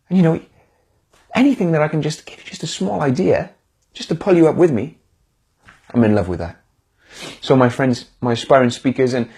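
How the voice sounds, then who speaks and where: Husky, mellow-voiced man giving a live pep talk. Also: medium pitch. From United Kingdom. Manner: warm, encouraging, addresses viewers directly. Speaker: motivational speaker.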